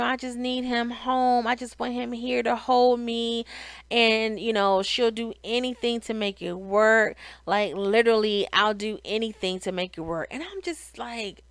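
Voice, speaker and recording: A woman's voice: on the high side, fairly bright tone, dry recording. A middle-aged woman giving a casual, opinionated reality show recap, sighing and restarting her sentences as she talks. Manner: chatty, opinionated, frequent sighs and restarts.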